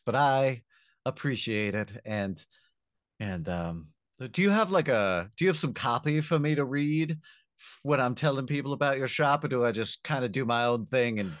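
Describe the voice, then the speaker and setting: A man playing a tabletop role-play game, speaking in character with a lively, swooping pitch. The sound is dry, with little room around it. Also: no room sound. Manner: animated, playing his character in his own voice. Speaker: player.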